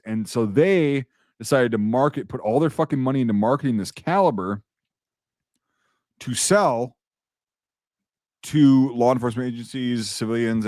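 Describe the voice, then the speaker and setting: A man talking in a loose, meandering way, swearing freely and often restarting his sentences. His voice sits at an ordinary middle pitch. The sound is dry and close, with no room around it. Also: a little mellow, no echo. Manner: rambling, profane, many restarts and fillers. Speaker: podcast host. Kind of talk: casual chat.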